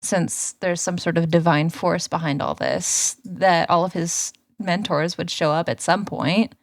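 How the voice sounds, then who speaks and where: Her voice runs low and a little slow as she co-hosts a podcast, casually recapping a cartoon episode. She tells it with animation, voicing the characters' lines herself, and the studio recording is clean with no room sound.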